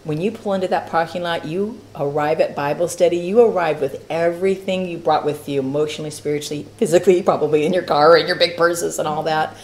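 A woman teaching a church Bible study class, talking in a lively, playful way with frequent laughs and asides. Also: fairly low pitch, moderate pace, hardly any pauses, a little hiss or hum.

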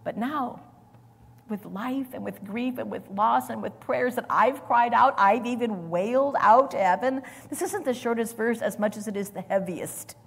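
A woman preacher delivering a sermon with dramatic swings between loud, forceful lines and near whispers. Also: fairly high pitch, moderate pace, gravelly, slightly rough, long reverb tail.

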